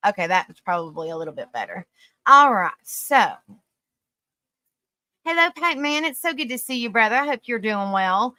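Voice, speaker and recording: A woman hosts a live stream and reads an article aloud, tired but still bright and somewhat high-pitched. She greets viewers affectionately as sweetie and honey and trips over difficult words. The sound is dry and close, with no room echo. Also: very animated, normal speed, pauses often. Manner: stumbles over hard words and laughs at herself.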